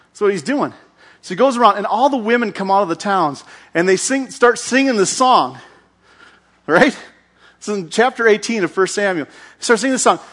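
Casting: animated male preacher, high voice, acts out every character. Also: a little fast, husky. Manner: lively, acts out characters with shouts and sound effects. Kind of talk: animated Bible storytelling sermon.

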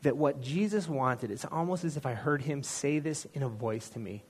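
A man's voice: medium pitch, moderate pace, hardly any pauses, husky. A man giving a personal testimony in a sermon, telling the story in an earnest, conversational way with self-deprecating asides. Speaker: church speaker sharing a testimony.

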